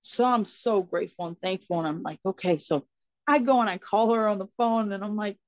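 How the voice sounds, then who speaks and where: Woman interview guest, mid-pitched, earnest storyteller; dry, slightly muffled recording. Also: a little fast, dry recording. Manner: earnest and expressive, acting out dialogue in her story. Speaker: podcast guest.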